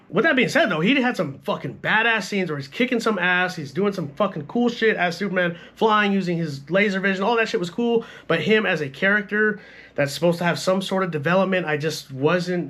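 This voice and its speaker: A man's voice: sits high, a bit bright. A young man giving a casual, profane film review, talking bluntly and filling his sentences with "like" and "bro.". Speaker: movie reviewer.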